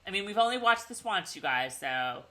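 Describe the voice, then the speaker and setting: A woman's voice: medium pitch, big pitch swings, moderate pace, background noise. A middle-aged woman co-hosting a casual TV recap chat over a video call, rambling with lots of "like" and restarts. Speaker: podcast co-host.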